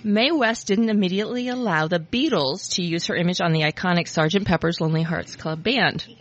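A woman's voice: on the low side, brisk. A woman hosting a podcast, chatting casually and reading out trivia in an upbeat, chatty way. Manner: chatty, upbeat, laughs often. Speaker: podcast host. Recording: dull lo-fi audio.

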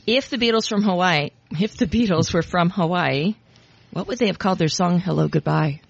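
A woman's voice: lowish voice, normal speed, gravelly, slightly rough, dry recording. A woman hosting a podcast, chatting casually and reading out trivia in an upbeat, chatty way. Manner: chatty, upbeat, laughs often. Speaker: podcast host. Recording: dull lo-fi audio.

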